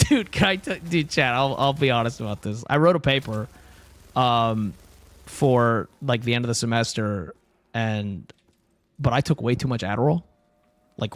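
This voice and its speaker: A man's voice: medium pitch, fairly bright tone, no room sound. A young man streaming live who rambles casually, swears freely and keeps saying "dude" and "bro". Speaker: livestreamer.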